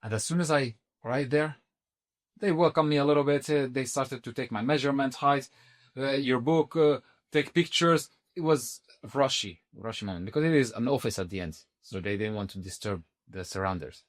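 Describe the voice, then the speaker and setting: Animated male storyteller, halting delivery. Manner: animated, acts out quoted speech with sudden high pitch jumps; halting, restarts mid-sentence. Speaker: podcast guest. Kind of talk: casual storytelling.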